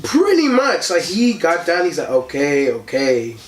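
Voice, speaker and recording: The young host of a casual podcast has a high voice and a moderate pace, recorded from a distance in an echoey room. He narrates a story animatedly, doing voices for the people in it, with many likes and ums.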